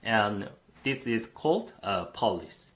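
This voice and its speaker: A man's voice: fairly low pitch, expressive, unhurried, a bit bright. A man lecturing a university class on computing, explaining step by step with frequent "uh" fillers.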